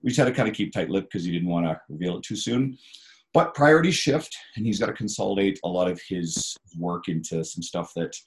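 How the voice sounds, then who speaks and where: A man's voice: low voice, expressive, a little fast. A man hosting a podcast in casual, chatty talk with plenty of fillers. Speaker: podcast host.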